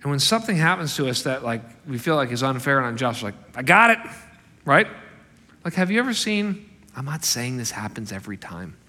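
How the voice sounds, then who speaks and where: A man preaching a sermon as a pastor, animated and emphatic, acting out the quotes he tells. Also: mid-range voice, brisk. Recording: long hall reverb.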